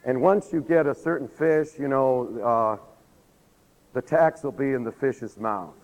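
Hoarse preacher guy, gravelly, acts out every quote, big reverb like a hall. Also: medium pitch, unhurried. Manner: animated storytelling, acts out quotes, rhetorical questions. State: losing his voice. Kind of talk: sermon.

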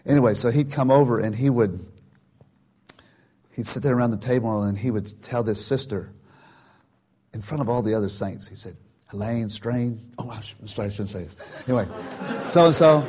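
A man's voice: lowish voice, slightly rough. An older man giving an informal sermon, telling a personal story in a chatty way with many restarts and acted-out quotes. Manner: chatty and warm, acts out quotes, frequent "you know" and restarts. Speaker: church speaker telling a testimony.

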